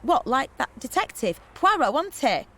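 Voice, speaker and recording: A woman's voice: high voice, sing-song, moderate pace, sharp tone, a little hiss or hum, full character voice. An actress playing a brash, boozy young woman organising a party trip in a comedy radio play, cheeky and slangy.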